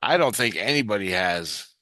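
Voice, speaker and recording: A man voicing a pig-faced young woman at a train stall, matter-of-fact, raised in pitch. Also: lively intonation, normal speed, bright, forceful tone, no room sound.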